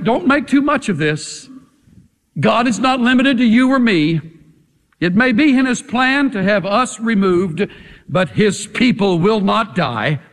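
A man's voice: sits high, in a large hall. A man preaching a sermon in a dramatic, emphatic way, pressing his point with rhetorical questions.

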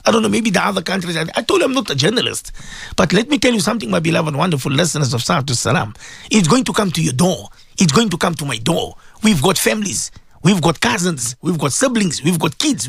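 South african guy on talk radio, high gravelly voice, lots of repeating himself, clears his throat a lot. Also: no room sound, clean studio sound. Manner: emphatic and repetitive, with frequent filler sounds and throat clearing. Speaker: radio talk show host. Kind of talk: impassioned radio commentary.

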